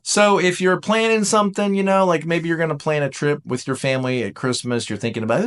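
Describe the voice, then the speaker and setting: A man teaching in a casual lecture style, animated and jokey, acting out little voices as he goes. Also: on the high side, a little fast, hardly any pauses, clean tone.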